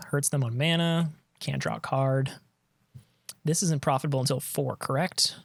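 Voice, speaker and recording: Man, casual gameplay commentary, thinking aloud, mid pitch, dry close sound. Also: fairly even intonation, measured pace, creaky, dry recording. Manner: thinking aloud, trailing off and restarting. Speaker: card game streamer.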